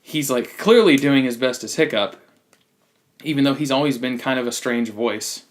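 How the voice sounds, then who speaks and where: A man's voice: mid-range voice, moderate pace. A man hosting a casual movie review podcast, giving blunt opinions and often restarting his sentences. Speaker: podcast host.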